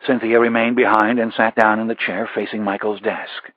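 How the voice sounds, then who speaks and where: Husky male thriller narrator. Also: lowish voice, flat delivery, normal speed, few pauses, no room sound, phone-quality sound. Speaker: audiobook narrator. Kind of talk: scripted narration.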